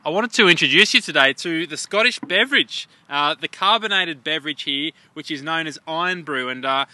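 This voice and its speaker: Aussie guy hosting outdoors, punchy bright voice, bit high, dry close sound. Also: fairly quick, dry recording. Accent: Australian. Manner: upbeat, mock-formal presenter patter. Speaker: co-host. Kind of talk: jokey outdoor sports banter. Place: outdoors at a netball stadium.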